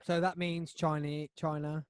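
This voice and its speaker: A man hosting a podcast, telling a story in a rambling, animated way with lots of restarts. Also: a little high, a little slow, smooth, no echo, clean studio sound. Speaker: podcast host. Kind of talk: casual chat.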